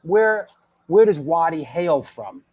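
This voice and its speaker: A man hosting a live web show, rambling and excitable as he chats with viewers and restarts his sentences. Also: a little high, slow, husky. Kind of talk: casual live-stream chat, reading viewer comments.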